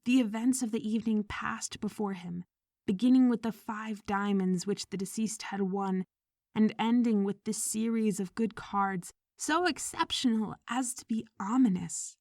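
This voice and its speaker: A woman reading a short story aloud in measured audiobook narration, sometimes dropping to a whisper. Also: medium pitch, darkish tone, no room sound, studio quality. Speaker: audiobook reader.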